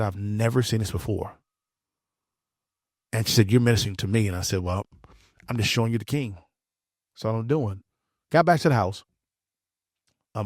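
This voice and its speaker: Earnest low-voiced man telling a personal story. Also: a little mellow, dry recording, studio quality. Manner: earnest, halting, repeats words. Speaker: interview guest.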